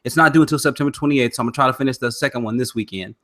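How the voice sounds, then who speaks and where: Bright-voiced casual podcast host. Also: male voice, mid-range voice, racing. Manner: laid-back, chatty, reads listener comments.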